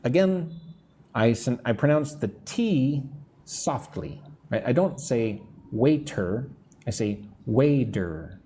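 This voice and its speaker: Slow-speaking American man teaching English. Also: mid-range voice, lively intonation, warm tone, a little hiss or hum. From United States. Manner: slow, clear, repeats words for drilling, greets chat viewers. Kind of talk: live-stream English lesson.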